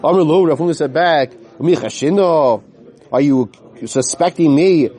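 A man teaching a Talmud class to listeners in a study hall. He reads the Aramaic text slowly, then explains it in plain English, sometimes losing his place and starting again. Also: fairly high pitch, dark tone. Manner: loses his place at times and restarts.

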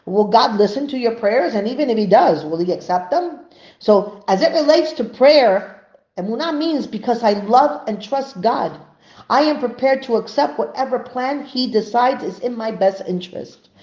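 A woman with a fairly high voice teaches an earnest religious lesson, pressing her points with emphasis. The sound is dull and muffled, with an echoey room around her. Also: animated, normal speed, darkish tone. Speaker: Torah teacher.

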